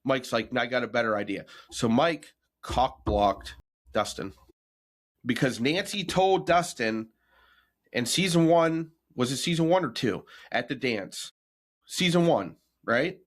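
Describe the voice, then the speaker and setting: A man co-hosting a podcast in casual chat, talking bluntly with mocking, animated rants. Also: mid-range voice, a little slow. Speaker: podcast co-host.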